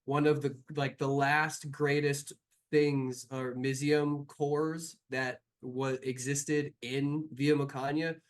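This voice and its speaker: A man's voice: mid-range voice, level tone, takes it slowly. A man narrating as game master of a tabletop game, in loose, rambling description full of fillers.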